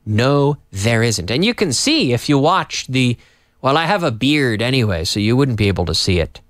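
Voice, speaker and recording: A man hosting a live lesson, upbeat and teacherly, repeating phrases slowly for learners. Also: medium pitch, very animated, a bit bright, no room sound, clean studio sound. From Canada. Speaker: English teacher and host. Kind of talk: live-streamed English lesson.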